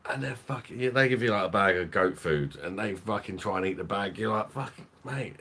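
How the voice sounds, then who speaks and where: A man's voice: on the low side, fairly quick, pushed and bright. A young man with a London accent hosting a casual live stream, reading out chat, swearing and laughing often. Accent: London English. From London, England.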